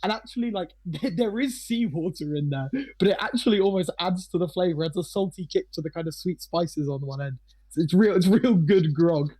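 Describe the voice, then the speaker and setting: Rambling, giggly high-voiced man narrating. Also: brisk, dark tone. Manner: rambling, laughing, heavy filler and swearing. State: slightly hoarse. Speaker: game master. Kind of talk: narrating a tabletop game.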